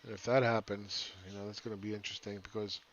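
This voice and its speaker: A man's voice: fairly low pitch, level tone, quick pace, fairly bright tone, highs cut off, slight background noise. A man giving casual, rambling live chart commentary as a market analyst, often asking "right?".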